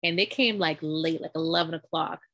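A woman chatting casually, recounting a story with animated delivery and acting out what people said. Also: low-pitched, brisk, no echo. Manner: animated storytelling, acts out quoted voices. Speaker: storyteller recounting giving birth. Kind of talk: casual chat.

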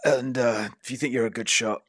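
A man voicing a drunk middle-aged Hispanic gunslinger who talks in slow, halting bits. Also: medium pitch, steady tone, a bit bright, slightly rough, no room sound, studio quality. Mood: drunk, weary. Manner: slow, halting, hiccuping speech.

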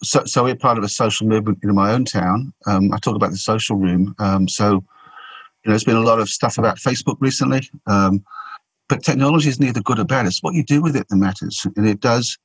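A man, a podcast guest, telling a story in an animated way and often repeating and restarting his words. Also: fairly low pitch, brisk, slightly rough, dry recording, rough recording. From Australia.

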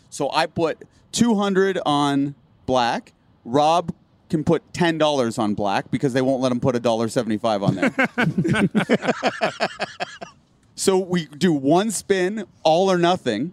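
Lively young man telling a story. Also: fairly high pitch, unhurried, long pauses. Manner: animated, acts out friends' lines while telling a story. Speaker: podcast co-host. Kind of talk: casual storytelling chat.

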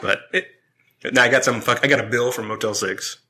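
Podcast host, man in his 40s, bright forceful voice, profane laughing storyteller, faint noise behind. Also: mid-range voice, fairly even intonation, a little fast. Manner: swearing, laughing anecdote teller. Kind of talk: casual storytelling chat.

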